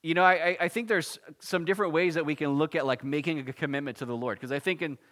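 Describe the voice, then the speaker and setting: A man preaching an expository sermon, reading scripture and explaining it in a casual, animated way with asides. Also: a little high, quick pace. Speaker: pastor.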